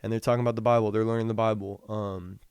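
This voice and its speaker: A young man hosting a podcast, talking casually about the Bible, reading scripture slowly and rambling with frequent restarts. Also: on the low side, flat delivery, darkish tone, clear, resonant tone, dry recording. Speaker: podcast host. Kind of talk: casual Bible teaching talk.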